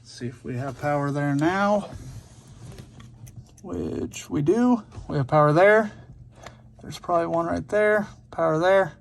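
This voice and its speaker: A man's voice: a little high, animated, a little slow, vocal fry, long pauses, a little hiss or hum. A man hosting a car channel, casually explaining a hands-on install step by step while working in a vehicle workshop. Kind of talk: hands-on DIY install walkthrough.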